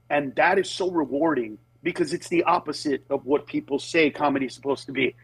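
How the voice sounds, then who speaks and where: A man's voice: on the high side, a little fast, hardly any pauses, breathy edge, no echo, rough recording. A male comedian on a phone-in radio interview, telling stories animatedly and acting out other people's voices, often restarting his sentences. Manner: animated storytelling, acts out voices, many restarts. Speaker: comedian guest. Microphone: phone or Bluetooth line.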